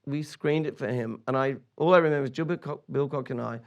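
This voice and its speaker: Gravelly man telling lively stories. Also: medium pitch, fast talker, lo-fi sound. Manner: lively, laughing, full of restarts. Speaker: film director, interview guest. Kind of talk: animated anecdotal storytelling.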